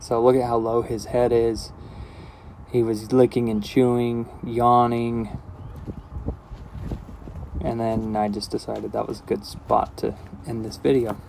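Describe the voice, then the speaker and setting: A man in the middle of his natural pitch range talks a viewer through what he is doing, step by step. His manner is calm and relaxed, explaining as he goes and dropping in casual asides. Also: unhurried, gravelly, pauses often, a little hiss or hum. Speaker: horse trainer. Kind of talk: instructional commentary while working.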